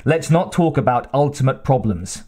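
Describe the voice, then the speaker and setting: A man's voice: mid-range voice, expressive, normal speed, dark tone, lightly acted. A man voicing a tense, focused male ship captain who asks short, pointed questions. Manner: terse, questioning.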